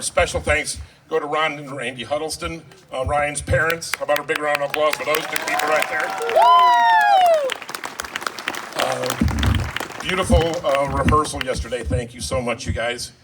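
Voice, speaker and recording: A father of the bride gives a joking, emotional toast at a wedding reception. His voice sits a bit high and is picked up from a distance. A noisy, laughing crowd fills the background. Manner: self-deprecating, joking, emotional. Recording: distant mic, loud crowd noise.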